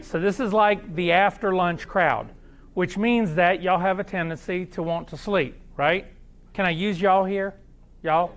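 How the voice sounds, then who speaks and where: A man with an Oklahoma accent gives a live seminar to a crowd, talking in a folksy, animated way and throwing questions at the room. His voice sits high for a man. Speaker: seminar speaker.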